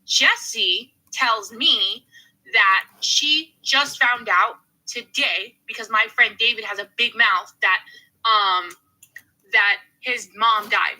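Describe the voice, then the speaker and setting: A woman's voice: medium pitch, measured pace, rough recording. A young woman telling a dating drama story to her viewers in a casual, chatty way, swearing freely and filling gaps with "like" and "um". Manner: animated, profane, chatty with many fillers. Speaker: storytime host.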